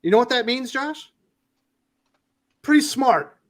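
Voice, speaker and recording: Animated high-voiced man telling a story. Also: slow pace. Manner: animated storyteller, swears, acts out quotes loudly. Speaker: host of a comics news livestream. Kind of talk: casual panel chat and storytelling.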